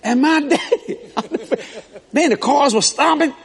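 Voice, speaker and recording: A man preaching a sermon as pastor, telling stories in an animated way with laughs. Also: very high voice, slow, creaky. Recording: echoey hall.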